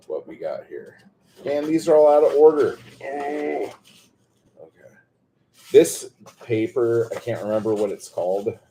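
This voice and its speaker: A man unboxing a new stapler in a casual vlog, excitable and gushing, often breaking into exclamations. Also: on the low side, a little hiss or hum. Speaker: poet and chapbook maker.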